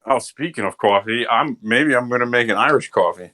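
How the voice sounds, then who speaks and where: Relaxed man co-commenting a live race. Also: mid-range voice, no echo. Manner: relaxed, halting, teasing. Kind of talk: live sim racing commentary. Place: home office on a remote call.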